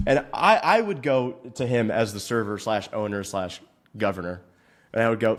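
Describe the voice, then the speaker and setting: A man's voice: medium pitch, big pitch swings, moderate pace, a bit bright. A male fitness coach in a profane, mock-outraged comedic rant, swearing constantly.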